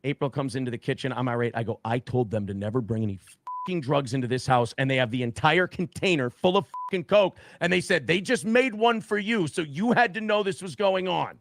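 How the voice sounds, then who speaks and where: A man's voice: on the high side, brisk, creaky, dry recording. A man telling a personal story in a profane, emphatic way. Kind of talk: recounted anecdote.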